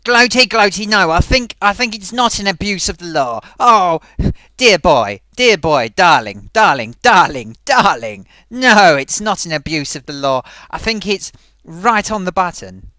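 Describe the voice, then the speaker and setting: A man voicing a flamboyant theatrical character who calls everyone "dear boy" and "darling" and repeats the host's name loudly in a sing-song. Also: high-pitched, big pitch swings, unhurried, no echo, full character voice. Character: flamboyant theatrical luvvie man, gushing and grand.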